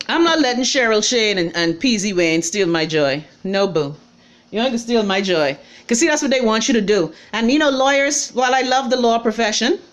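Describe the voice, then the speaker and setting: A middle-aged woman from the Bahamas with a Bahamian accent, hosting a casual live stream and reading viewer comments in a blunt, sassy, chatty way. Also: fairly high pitch.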